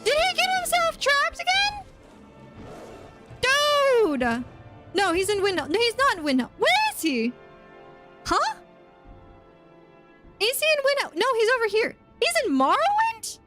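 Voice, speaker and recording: A woman streaming a game, chatting casually and excitably, yelping and laughing as she plays. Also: very high voice, measured pace, long pauses, faint music behind. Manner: chatty and excitable, yelps and laughs while playing. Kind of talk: casual gaming commentary.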